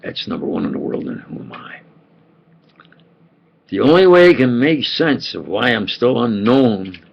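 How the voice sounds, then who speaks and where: An older man with a deeply gravelly, husky voice tells a rambling personal anecdote, circling back with fillers and restarts. His pitch swings widely as he slips into the voices of the people in his story. The sound is dull and lo-fi, like a cheap home recording. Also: lively intonation, normal speed. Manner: meandering, many fillers and restarts. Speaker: vlogger.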